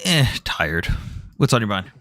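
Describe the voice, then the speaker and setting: A man's voice: fairly low pitch, big pitch swings, unhurried, fairly bright tone, dry recording, studio quality. A man hosting a live debate stream, arguing bluntly, citing numbers and swearing freely. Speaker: debate livestream host.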